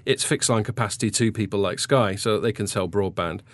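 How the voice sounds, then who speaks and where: A man's voice: fairly low pitch, a little fast, no room sound. Chatty podcast host, man. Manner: chatty, jokey, trailing off. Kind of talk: casual chat.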